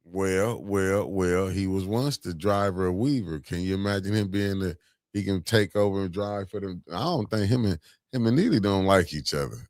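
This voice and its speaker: A man's voice: sits low, normal speed, darkish tone, no echo, clean studio sound. A middle-aged man, hosting a casual political chat, laid-back and sarcastic, often laughing. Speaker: host.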